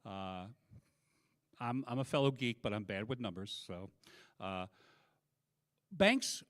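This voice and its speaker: A middle-aged man takes it slowly in a fairly low voice while doing stand-up on a live stage. Speaking into a handheld mic, he spins animated, self-deprecating tales.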